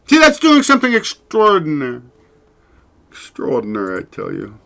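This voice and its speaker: A man's voice: on the high side, huge pitch swings, moderate pace, creaky, a bit bright. A man hosting his own show, chatting casually and rambling, swearing freely and laughing often. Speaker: show host. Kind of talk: casual solo livestream chat.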